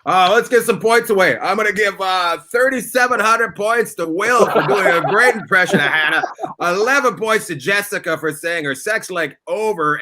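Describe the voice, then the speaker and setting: A man hosting a comedy panel game show over a video call, mock-grand and playful, swinging from big announcements to low asides. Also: bright, forceful tone. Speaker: podcast host running a comedy game show.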